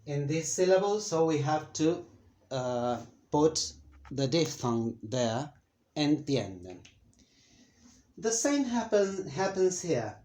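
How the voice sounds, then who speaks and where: A man teaching a Spanish grammar lesson in English, speaking slowly and deliberately with frequent fillers and pauses. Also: fairly high pitch, darkish tone. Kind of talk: slow, careful grammar lesson. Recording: echoey room.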